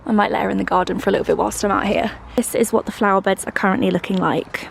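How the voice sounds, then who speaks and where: Brief: chatty English woman vlogger, relaxed home chat, mid-range voice, a bit off-mic. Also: mid-range voice, quick pace, vocal fry, distant mic, a little hiss or hum, poor audio. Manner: chatty, bubbly, thinking aloud while tasting food. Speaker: lifestyle vlogger. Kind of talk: casual vlog chat. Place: home kitchen, then outdoor garden.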